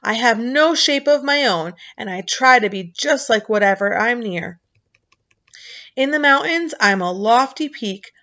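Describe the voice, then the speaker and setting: A woman voicing a huge, fearful male jelly giant who talks loudly and can never make a firm statement, in a dull lo-fi recording. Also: on the high side, lively intonation, measured pace, pitched above the performer's own voice, exaggerated voice. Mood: fretful. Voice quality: loud, wavering, indecisive.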